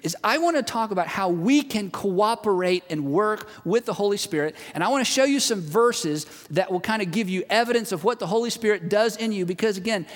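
A man preaching a sermon to a large congregation, telling stories in a relaxed, conversational way and retelling a friend's words. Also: high voice, a little fast, hardly any pauses. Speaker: pastor. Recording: long reverb of a large hall.

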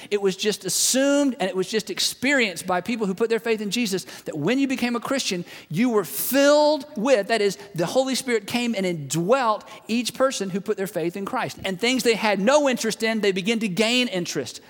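A pastor with a high voice preaches to a large congregation, telling stories in a relaxed, conversational tone and repeating what a friend once said. The recording carries the long reverb of a big hall.

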